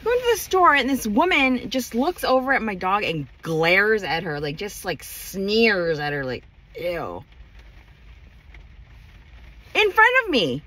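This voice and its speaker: In an angry rant to camera, this vlogger speaks with a medium-pitched, animated, slightly bright voice, unhurried but with few pauses. She's furious, profane, and emphatic throughout.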